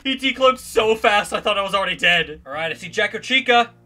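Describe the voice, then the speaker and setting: A man's voice: high voice, animated, a little fast, pushed and bright, slight background noise. A young man giving jumpy, exclamatory commentary over a horror game, often talking straight to the monsters. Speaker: gaming YouTuber. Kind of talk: live gameplay commentary.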